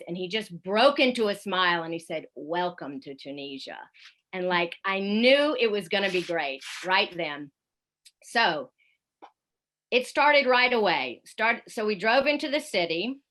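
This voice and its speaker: Woman, radio correspondent, bright storyteller on a video call, chatty with fillers. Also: medium pitch. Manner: lively anecdotal storytelling with fillers. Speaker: radio correspondent giving a talk. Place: home in Paris, at night.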